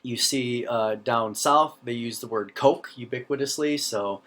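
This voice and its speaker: A middle-aged man with an Upper Midwest accent gives a recorded lecture at an ordinary pitch. His long O's come through as he talks loosely, restarting sentences and tossing in "right?" to keep students with him. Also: unhurried, fairly bright tone. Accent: Upper Midwest American. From North Central United States. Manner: conversational, frequent "right?" check-ins and restarts. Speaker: teacher.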